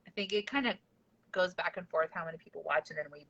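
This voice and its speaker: A woman's voice: on the low side, fast, gravelly, pushed and bright, breathy edge. A woman hosting a casual podcast chat, rambling and giggly with lots of fillers. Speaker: podcast host. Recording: dull lo-fi sound.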